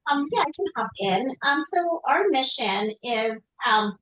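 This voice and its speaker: A woman's voice: sits high, very animated, a little slow, a bit bright, poor audio. A woman speaking as a guest on a podcast, an association director, explaining her background in a conversational way with frequent ums.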